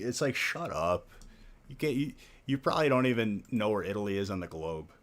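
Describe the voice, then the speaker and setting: A man's voice: fairly low pitch, a little fast. A man hosting a live stream, ranting in casual chat and saying "like" a lot. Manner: ranting, heavy use of "like". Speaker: stream host.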